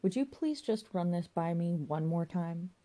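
A woman voicing a cautious, puzzled man who speaks in hushed tones. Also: fairly low pitch, animated, a little slow.

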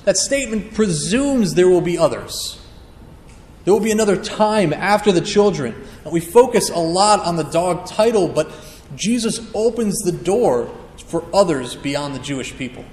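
Earnest preacher in an echoey hall. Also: male voice, sits high, animated, moderate pace, a little mellow. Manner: earnest, emphatic teaching with acted-out quotes. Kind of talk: sermon. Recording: echoey hall with long reverb.

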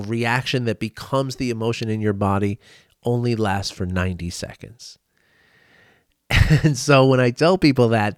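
A man's voice: medium pitch, dry recording, studio quality. A man, a podcast host, casually teaching about emotions and mindfulness, often restarting his sentences and tagging them with "right?" for his listeners. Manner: rambling, self-correcting, frequent "right?" tag questions.

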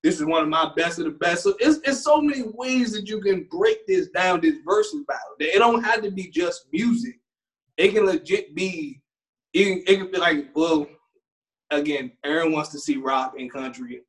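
A man, co-hosting a casual chat, animated and rambling, laughing often. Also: high voice, normal speed. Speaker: co-host.

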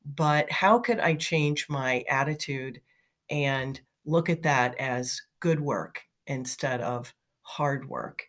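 A middle-aged woman with a slow, rumbling low voice tells chatty, motivational anecdotes. Her casual storytelling is sprinkled with fillers and light laughs.

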